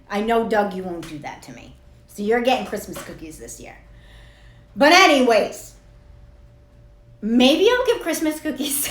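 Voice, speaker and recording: A woman coach in her thirties talks to camera in a loose, rambling monologue. She is blunt and swears freely, and she often laughs at herself. Her voice sits mid-range and rings in a roomy, echoey space. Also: mid-range voice. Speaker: spiritual coach. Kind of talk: casual direct-to-camera monologue. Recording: echoey room.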